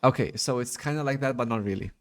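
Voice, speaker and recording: A man's voice: medium pitch, quick pace, no echo, studio quality. A man tutoring programming in a casual chat, patient and prone to repeating himself.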